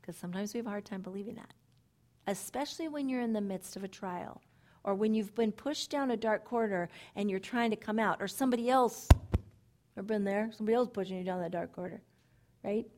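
A middle-aged woman giving sermon-style Bible teaching to women, animated and emphatic, repeating phrases and dropping into soft asides. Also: medium pitch, fast talker. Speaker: women's ministry speaker.

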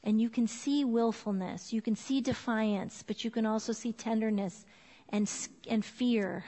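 A middle-aged woman with a somewhat high voice teaches a small group in a conversational, earnest way. She leans on repetition to stress her points. Her voice rings with the long reverb of a hall. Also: fairly even intonation, unhurried, warm tone. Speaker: parenting class speaker. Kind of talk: informal teaching talk to a group.

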